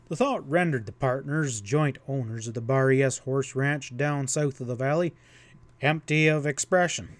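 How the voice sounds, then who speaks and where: A man's voice: mid-range voice, normal speed, no room sound. Man narrating a western audiobook. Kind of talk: audiobook reading.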